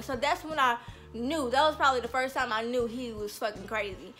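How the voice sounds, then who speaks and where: A woman's voice: a little high, a little fast, bright, forceful tone, soft background music. A woman vlogger telling a personal story in a casual storytime vlog, blunt, profane and heated.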